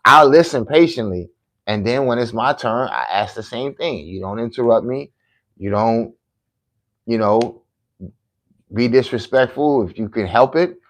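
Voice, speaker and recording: A man's voice: mid-range voice, animated, a little slow, a bit bright. A man hosting his own podcast in a combative, boastful live-stream talk, taunting and challenging his critics to debate. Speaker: podcast host.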